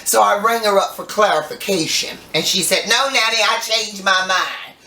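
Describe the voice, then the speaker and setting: A woman's voice: medium pitch, normal speed, pushed and bright. An older woman hosting a home cooking show, chatty and playful, telling folksy stories as she bakes. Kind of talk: casual cooking demonstration. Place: home kitchen. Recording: roomy kitchen, mic at a distance.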